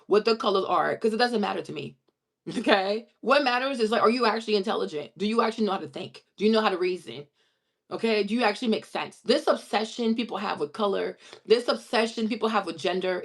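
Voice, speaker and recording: A woman's voice: medium pitch, brisk. Brief: young woman, vlogger, blunt and emphatic, casual chat to camera. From immigrant who moved to the US as a child. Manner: blunt, emphatic, tags lines with "okay?" and "right?". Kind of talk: casual direct-to-camera talk.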